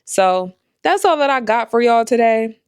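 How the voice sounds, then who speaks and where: A woman's voice: on the high side, animated, moderate pace, clean tone, no echo, clean studio sound. A young adult woman talking candidly to her viewers in a casual vlog, rambling with lots of fillers. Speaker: vlogger and life coach.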